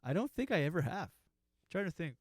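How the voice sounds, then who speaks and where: Recorded in clean studio quality with no room sound, a man in his forties speaks in a slightly high, sing-song voice that's brisk with a breathy edge. He's a comedian host delivering a comic storytelling monologue that rambles, mocks himself, and keeps restarting and wandering into asides.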